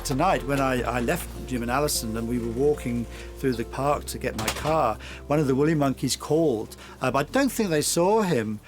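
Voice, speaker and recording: A man's voice: mid-range voice, lively intonation, moderate pace, hardly any pauses, music in the background. A man working as an animal keeper, talking casually in an interview, hesitant and full of restarts.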